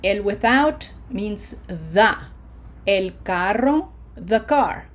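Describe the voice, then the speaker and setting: A woman leads a Spanish pronunciation lesson at an unhurried pace. She explains step by step in a mid-range voice and keeps checking in with her students as she goes. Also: medium pitch, animated. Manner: patient, repeats "okay?" often, models words slowly. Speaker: Spanish teacher. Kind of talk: classroom lesson.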